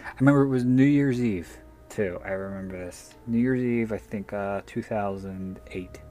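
A man's voice: fairly low pitch, moderate pace, warm tone, soft background music. A man, an author, telling a story in a candid, self-deprecating way and swearing freely. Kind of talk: casual anecdotal storytelling.

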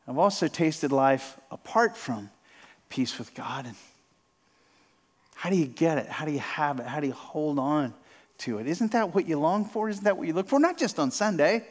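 A man delivers a sermon from a church platform. His voice sits high for a man, and he speaks earnestly. He restarts and repeats phrases as he builds toward a point. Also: expressive, moderate pace. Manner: earnest, repeats phrases, rising and falling intensity. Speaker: pastor. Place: church sanctuary.

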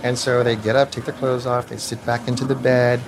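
Frank, animated man telling stories. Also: medium pitch, a little fast, background noise. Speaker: interviewee. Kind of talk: candid personal storytelling.

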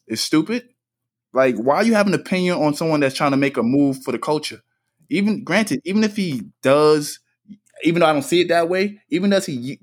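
A man, co-hosting a casual podcast over a call, blunt and profane. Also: mid-range voice. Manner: blunt, profane, laid-back. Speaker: podcast co-host.

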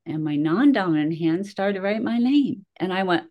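A middle-aged woman with a notably low voice talks casually on a podcast. She tells stories about herself with lively energy and often laughs at her own expense. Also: normal speed, few pauses. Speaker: podcast host.

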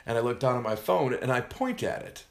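Speaking in a creaky mid-range voice at a brisk clip, a man casually tells a funny story on a podcast. He's animated, laughs often, and acts out what people said, all in an echoey room.

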